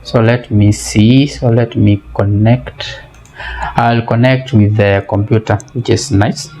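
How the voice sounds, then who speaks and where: A man's voice: lowish voice, steady tone, slow, warm tone, slight background noise. A man giving a casual product demo and review, explaining step by step and often repeating words as he hesitates. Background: faint music playing.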